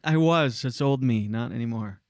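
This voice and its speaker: A man's voice: mid-range voice, normal speed, no room sound, studio quality. A man co-hosting a podcast, arguing in casual chat, blunt and sarcastic, talking over his partner. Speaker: podcast co-host.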